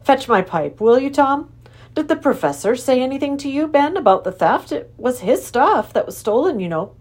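A woman voicing a middle-aged father in a storybook reading, brisk and doubtful in his speech. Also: sits high, sing-song, pitched above the performer's own voice. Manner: brisk, doubtful, then quietly proud.

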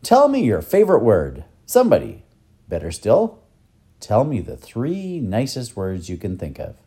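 Kind old professor in a storybook, read by a man, low mellow voice, gentle explaining. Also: huge pitch swings, a little slow. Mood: teaching. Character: kindly older male professor, warm and learned.

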